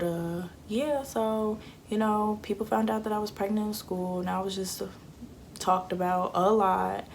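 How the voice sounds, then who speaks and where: A woman's voice: mid-range voice, creaky, a little hiss or hum. A young woman, chatting candidly and acting out what people said. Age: 20s. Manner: candid and chatty, acts out quotes. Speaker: vlogger. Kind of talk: casual storytelling.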